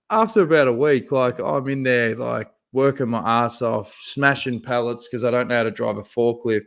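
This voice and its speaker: Male podcast co-host, mid pitch, animated profane storyteller. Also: a little fast. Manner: animated, swears freely, laughs through his own story. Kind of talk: casual storytelling chat.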